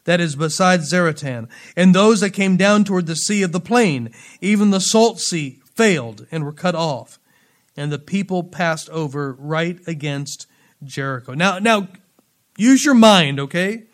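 Preaching to his congregation, a pastor with a high voice and lively intonation speaks a little slowly. After reading scripture aloud, he breaks into playful asides, alternating loud emphasis with endings that fall away quietly.

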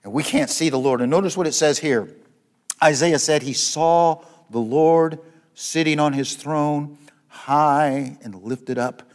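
A man preaching a sermon, rising to loud, high repetitions and dropping to soft, low passages, often restarting his phrases. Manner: repeats words and restarts phrases.

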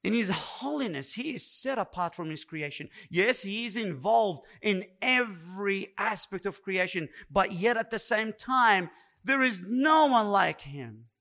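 A man's voice: high voice, animated, unhurried, bright, forceful tone. A man preaching a sermon as pastor, emphatic and repeating words for weight.

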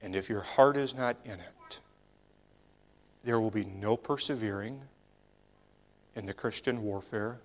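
A man delivering a sermon at a slow, deliberate pace. His preaching is measured and emphatic, rising for stress and then sinking low, almost to a whisper, on key words.

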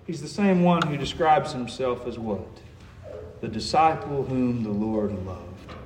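Male preacher, high voice, emphatic sermon delivery, reverberant church sound. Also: animated, unhurried, darkish tone. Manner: earnest, emphatic, rhetorical questions.

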